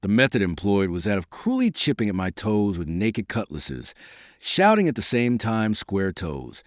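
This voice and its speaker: Man, audiobook narrator, measured formal reading, lively intonation, lowish pitch. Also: dry recording, clean studio sound.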